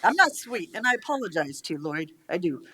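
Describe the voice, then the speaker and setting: A woman's voice: on the low side, big pitch swings, a bit bright, husky. Angry, blunt woman at a public meeting. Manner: blunt, angry, swears, rapid rebuttals. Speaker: county commissioner. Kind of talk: heated speech at a public meeting.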